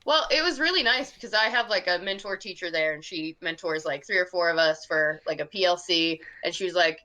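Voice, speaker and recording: A woman in her twenties, a new teacher, talks openly as a guest and fills her sentences with "like." Her voice is bright and a bit sharp, sitting slightly low for a woman. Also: lively intonation, moderate pace. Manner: candid, chatty, uses lots of "like". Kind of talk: casual chat.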